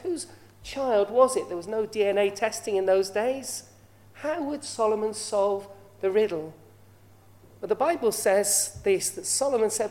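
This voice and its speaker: Woman preacher, sermon delivery, rhetorical questions, warm, higher pitch. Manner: asks the listeners rhetorical questions.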